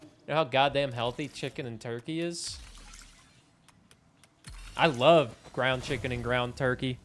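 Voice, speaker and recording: A man's voice: mid-range voice, unhurried. A young man streaming a game live, chatting in a rambling, self-mocking way and swearing casually. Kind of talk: casual live-stream chat while gaming.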